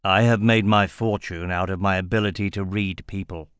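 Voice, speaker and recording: A shrewd older merchant, calculating and measured, speaking slowly with a low, level voice, as a male narrator plays him. The reading is close and dry. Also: steady tone, fairly bright tone, clean tone, dry recording. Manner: slow, deliberate.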